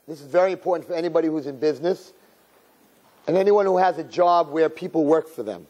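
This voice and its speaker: A lively man preaching to a class, his high voice swinging widely as he tells a story. He drops in Hebrew and Yiddish words along the way. The voice has a husky edge. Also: quick pace. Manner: storytelling with sudden high-pitched emphasis. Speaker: Torah teacher. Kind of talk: animated sermon to a room of girls.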